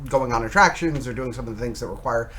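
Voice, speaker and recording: Bright-voiced joking podcast man. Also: medium pitch, quick pace. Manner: jokey, playful, trailing fillers. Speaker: podcast co-host. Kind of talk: casual chat. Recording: faint background noise.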